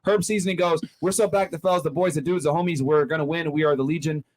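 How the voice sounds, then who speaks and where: High-ish guy rattling off chat comments fast, hosting a stream panel. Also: fairly even intonation. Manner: quick, hurried, reads messages aloud. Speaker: moderator reading chat messages.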